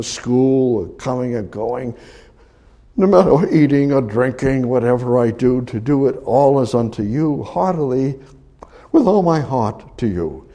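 A man preaching a sermon, reading scripture aloud and commenting on it, swinging from loud emphatic rises to hushed near-whispers. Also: medium pitch, expressive, a little slow. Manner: reads scripture aloud and comments between verses.

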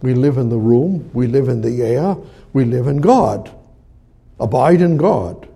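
A man preaching a sermon, emphatic and repetitive, swinging between loud declarations and soft near-whispers. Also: medium pitch, a little slow, gravelly, slightly rough.

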